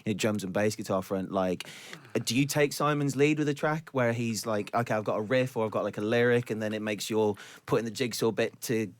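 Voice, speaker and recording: A man's voice: on the low side, a little fast, few pauses, dry recording. A man hosting a radio interview in an upbeat, jokey way, with many fillers. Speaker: radio host.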